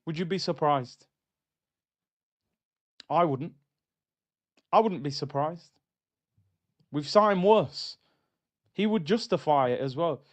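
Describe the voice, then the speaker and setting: A man hosting a casual fan livestream, animated and full of banter, repeating his phrases. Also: fairly high pitch, slow pace, long pauses. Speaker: livestream host. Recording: slightly dull lo-fi sound.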